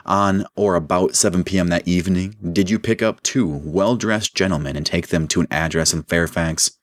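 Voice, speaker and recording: A man voicing a formal male senator who chairs a hearing in a measured way. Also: low voice, no echo, lightly acted.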